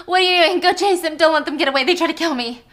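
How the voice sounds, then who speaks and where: A woman's voice: very high-pitched, fairly even intonation, fairly quick, a bit bright, pitched above the performer's own voice. A woman voicing a frantic, indignant woman who is being hunted. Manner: raised, exasperated.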